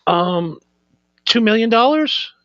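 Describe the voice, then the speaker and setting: A man's voice: high-pitched, lively intonation, slow pace, a bit bright, no room sound, dull audio. A man co-hosting a casual podcast, trading jokes and banter. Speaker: podcast co-host. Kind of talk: casual stoner chat.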